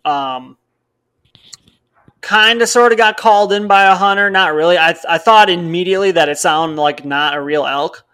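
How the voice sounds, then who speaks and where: Young man, from Wisconsin, casual rambling storyteller, somewhat high voice, quotes people in dialogue. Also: moderate pace, sharp tone, clean tone. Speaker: podcast co-host.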